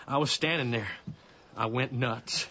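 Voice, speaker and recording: A man plays a hurt, hunted young farmhand in a radio drama who speaks low and blunt in a tired rural drawl. The recording is slightly dull, with a faint hiss behind him. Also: measured pace, sharp tone. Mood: grim. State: weak and hurt.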